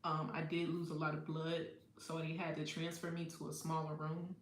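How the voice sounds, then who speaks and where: Speaking in a low, monotone voice at a moderate pace in an echoey room, a woman hosts a livestream. In casual storytime chat she tells a personal story candidly and profanely, often breaking into laughter.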